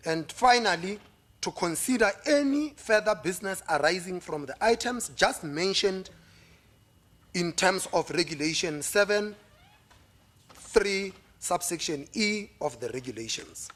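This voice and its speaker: A man with a South African accent chairing a formal meeting, reading agenda items steadily with small pauses. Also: high-pitched, animated, a bit bright.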